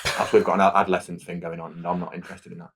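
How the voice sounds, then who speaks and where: A man co-hosting a podcast in casual chat, opinionated and prone to quick rants. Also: sits low, flat delivery, fairly bright tone, slightly rough. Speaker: podcast co-host.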